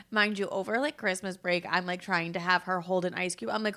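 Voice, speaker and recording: A young woman hosting her own podcast in casual solo chat, tired, talking fast and swearing freely as she acts out the people she quotes. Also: on the low side, steady tone, fairly bright tone. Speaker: podcast host.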